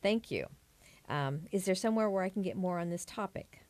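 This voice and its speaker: A woman co-hosting a talk show, brisk and businesslike as she reads out a listener email. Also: fairly low pitch, animated, darkish tone, dry recording. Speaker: co-host.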